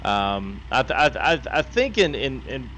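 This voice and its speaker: Man, thirties, game streamer, laid-back drawl, lively pitch, faint background noise. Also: normal speed. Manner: casual drawl, reads chat, laughs often. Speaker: gaming streamer. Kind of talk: live stream chat while playing.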